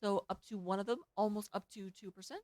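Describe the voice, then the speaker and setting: A woman with a Southern US accent casting an esports match, rattling off stats and filling pauses. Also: mid-range voice, fairly even intonation, a little mellow, dry recording. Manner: rapid, filling dead air with stats. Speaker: esports caster. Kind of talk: play-by-play esports commentary.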